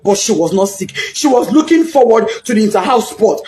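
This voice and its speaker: Nigerian woman, bereaved mother, high lively voice, pleading testimony, echoey room. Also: fairly quick, hardly any pauses. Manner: pleading, mixes Yoruba and Pidgin. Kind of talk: impassioned spoken testimony.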